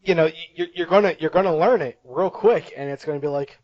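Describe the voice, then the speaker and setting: A man's voice: a little high, fast, hardly any pauses, a little mellow, no echo, highs cut off. Rambling, laughing male podcast host. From Italian-American family. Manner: rambling, laughs often, jokey. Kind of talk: casual podcast chat.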